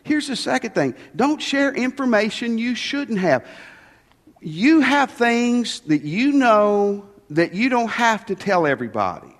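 A man's voice: very high voice, sing-song, measured pace, long reverb tail. A man preaching a sermon as pastor, with folksy, joking asides.

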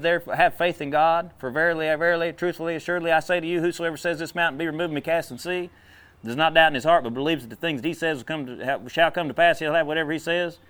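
Male preacher, folksy and animated, slightly high voice, punchy outbursts. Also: clean tone. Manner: folksy, animated, drawling with sudden loud bursts. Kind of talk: sermon.

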